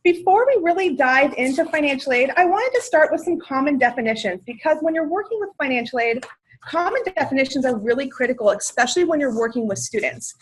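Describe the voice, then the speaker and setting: Cheerful woman running a webinar, kinda high voice, lots of uh's, super enthusiastic. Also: lively intonation, fast talker, slight background noise. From Washington state, USA. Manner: upbeat, enthusiastic, chatty with filler words. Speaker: financial aid outreach presenter. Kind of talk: webinar presentation.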